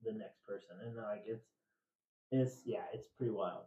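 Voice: mid-range voice, moderate pace, dark tone. A trivia podcast host from Indiana, chatting casually and telling rambling, laughing stories. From Indiana, USA. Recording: dull, roomy, distant mic.

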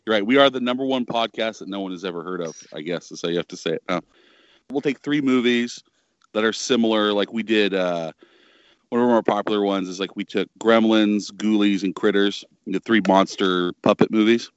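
Joking low-voiced guest man. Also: brisk, clear, resonant tone, no room sound, lo-fi sound. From Southern California. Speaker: guest podcaster. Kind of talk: casual chat.

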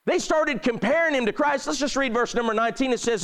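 A man with a high voice preaching a sermon. He delivers it emphatically and repeats his points. His pitch swings from high to low. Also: fast talker, hardly any pauses, a bit bright.

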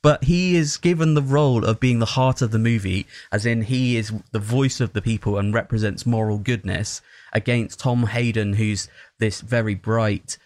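A man who is not American, giving an animated, opinionated film review in casual chat, with many fillers and restarts. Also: fairly low pitch, normal speed, dry recording.

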